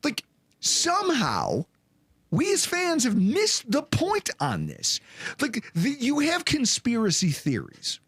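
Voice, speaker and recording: A man's voice: extremely high pitch, wildly swooping pitch, slow, a bit bright, breathy edge, dry recording. A man hosting a sports podcast, ranting in a casual, sarcastic way. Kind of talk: casual sports talk rant.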